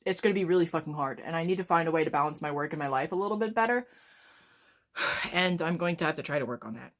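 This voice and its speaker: A woman in her twenties chatting casually on a live stream, rambling and swearing freely as she talks fast. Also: sits low. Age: 20s. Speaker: livestreamer.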